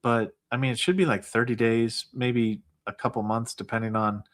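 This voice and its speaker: Male guest adviser, mid-pitched voice, steady explainer, leans on lots of "I mean" and "like". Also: moderate pace. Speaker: guest, veterans benefits adviser. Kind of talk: casual livestream conversation.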